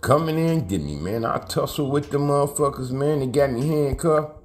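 A man's voice: fairly high pitch, lively intonation, normal speed, darkish tone, slight background noise. A middle-aged man, telling street stories in casual, profane, slang-heavy talk and acting out the quotes. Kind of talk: casual storytelling.

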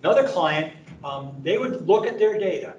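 Chatty trainer in an echoey room. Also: male voice, lively intonation, moderate pace, darkish tone, distant mic, dull audio, a little hiss or hum. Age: middle-aged or older. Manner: conversational, filler-heavy, anecdotal sales pitch. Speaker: presenter at a training event. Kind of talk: conference training talk. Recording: echoey room, speaker away from mic.

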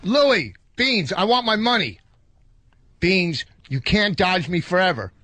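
A man reading a scene aloud, playing a young man angry at someone who owes him money, in a flat cold-read manner. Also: high voice, slow pace, no room sound, exaggerated voice. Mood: demanding.

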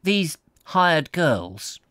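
A man's voice: a little high, very animated, extremely slow, a bit bright, dry recording, studio quality, pitched above the performer's own voice, exaggerated voice. A man reading aloud, voicing a fussy, probing middle-aged male doctor who keeps asking questions. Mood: pointed. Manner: persistent, inquisitive questioning.

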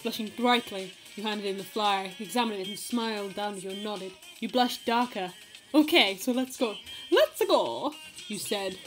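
A woman's voice: mid-range voice, poor audio. A woman reading fanfiction aloud in a casual, playful way, often breaking into laughter. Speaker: fanfiction reader.

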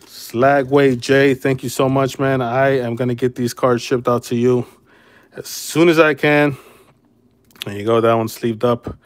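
Man, slow unhurried talk, casual livestream card break host, laid-back and chummy. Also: mid-range voice, fairly even intonation. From Chicago area. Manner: laid-back, calls viewers brother and man.

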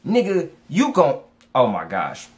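Brief: slangy male advice vlogger, higher-pitched, lively swings, repeats himself for punch. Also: unhurried. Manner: animated, slangy, repeats for emphasis. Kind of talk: casual reaction commentary.

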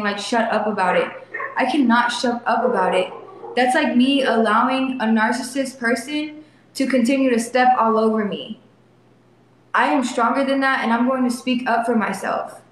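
A young woman in back pain talks to her livestream viewers, emotional and defiant, repeating herself. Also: fairly high pitch. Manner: soft baby talk to her son. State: in back pain while sitting. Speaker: livestream vlogger. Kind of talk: casual livestream talk to viewers. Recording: very echoey phone stream, faint noise.

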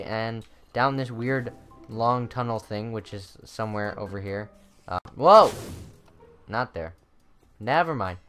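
An excitable gamer narrates a maze run in let's-play style, muttering under their breath before bursting into high panicked yelps. The voice swings widely in pitch, and faint game music plays underneath. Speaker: gamer playing a maze map.

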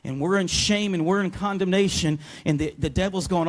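Energetic preaching pastor, slightly high voice. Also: male voice, fairly quick, few pauses. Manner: energetic, calls for responses from the congregation. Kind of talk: sermon. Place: church sanctuary.

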